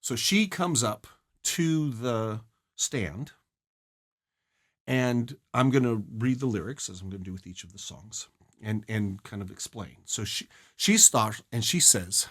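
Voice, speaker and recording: A man's voice: lowish voice, a little slow, a bit bright, breathy edge. A man presenting a study guide, explaining a novel's scene and song lyrics in an earnest, emphatic way. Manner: earnest, emphatic, rises sharply on key phrases.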